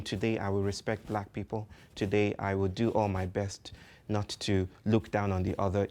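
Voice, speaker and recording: A man from Nigeria speaks to a live audience in a poetic, philosophical way. He leans on repetition to drive each idea home. His voice sits at a middle pitch. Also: a little mellow. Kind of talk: public talk.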